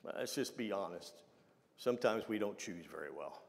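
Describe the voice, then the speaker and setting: A man's voice: fairly low pitch, animated, creaky. A man preaching a conversational sermon, with frequent restarts and asides to the congregation. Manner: conversational, halting with many restarts. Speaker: pastor. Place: church sanctuary. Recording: long reverb of a church hall.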